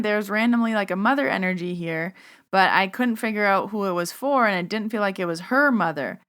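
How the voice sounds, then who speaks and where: A woman podcast host telling a story and acting out both sides of a conversation with lively quoted dialogue. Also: medium pitch, a little fast, clean tone. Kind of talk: storytelling monologue.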